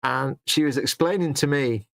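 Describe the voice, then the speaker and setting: A man's voice: mid-range voice, moderate pace, creaky, a bit bright, no room sound. Chatty English man, dry close sound. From Britain. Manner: chatty storyteller, acts out quotes. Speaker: co-host. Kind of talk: casual live-stream chat.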